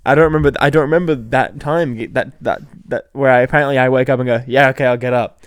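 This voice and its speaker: A young man chatting on a podcast, rambling through stories full of "like" and restarts. His voice sits in a middle range but leaps high when he acts out what others said. The sound is dry and close, with no room around it. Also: fairly even intonation, quick pace, smooth, no room sound. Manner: rambling storyteller who jumps pitch acting out quotes. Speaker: podcast co-host. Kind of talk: casual chat.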